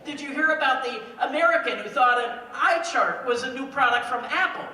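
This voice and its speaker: A man's voice: very high-pitched, brisk. Wry male storyteller in a hall. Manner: deadpan comic timing, wry asides. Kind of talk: live comic storytelling. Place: stage in a hall before an audience. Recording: echoey hall, mic far off.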